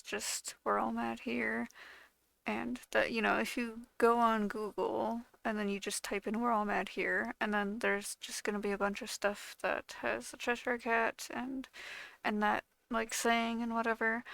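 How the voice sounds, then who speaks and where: A woman's voice: on the high side, gravelly, fairly bright tone, dry recording. A young woman YouTuber chatting casually to her viewers, rambling with lots of fillers and trailing off. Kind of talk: casual chat to camera.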